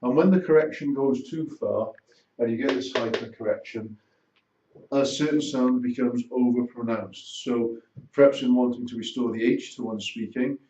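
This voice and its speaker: A man's voice: medium pitch, warm tone, slight background noise. Man lecturing in a roomy, distant recording. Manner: measured, broken into short phrases. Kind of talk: recorded lesson summary. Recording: roomy, distant, dull sound.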